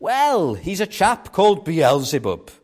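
An old-time street evangelist gives dry, knowing replies, as a preacher retells him. The voice stays a little high and steady. He sounds quietly amused. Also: a little slow, exaggerated voice. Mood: wry. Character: wry male street preacher, calm and dry.

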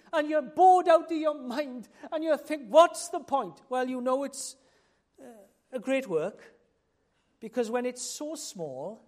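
A man delivers a sermon in a notably high voice. He presses his points emphatically, rising to loud exhortation and then dropping to a hushed, cautioning tone. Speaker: preacher.

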